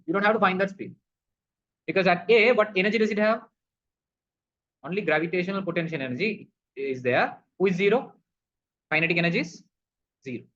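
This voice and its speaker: A man's voice: high-pitched, fairly bright tone. A male physics teacher walking through a problem, asking questions and answering them himself, calling the students "people". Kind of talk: recorded physics lesson. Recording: dull lo-fi recording.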